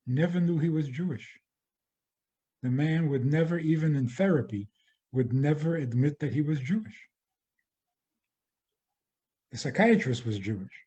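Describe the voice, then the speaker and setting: A man, a rabbi, giving a spoken lecture in a measured way, often restarting and repeating phrases. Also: medium pitch, warm tone, highs cut off.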